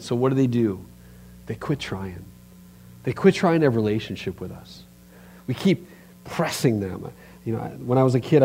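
A man preaching a sermon in church as pastor, animated and emphatic, speaking straight to his listeners. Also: medium pitch, slight background noise.

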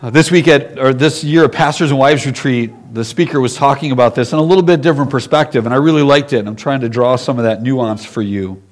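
A man's voice: medium pitch, fast, few pauses. A man, a pastor, giving a casual storytelling sermon, often laughing and acting out the characters.

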